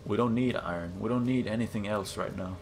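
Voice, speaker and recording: A man's voice: on the low side, a little fast, creaky, slight background noise. A young man casually commenting on his own gameplay, exclaiming and gasping often as he explores. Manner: excitable, gasps and exclaims often. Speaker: gaming channel host. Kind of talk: casual let's-play commentary.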